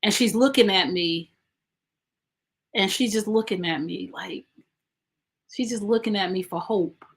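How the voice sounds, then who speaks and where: Her voice is medium-pitched, and she speaks at a measured pace with long pauses. As a podcast host, she tells personal stories emphatically and conversationally, talking straight to listeners.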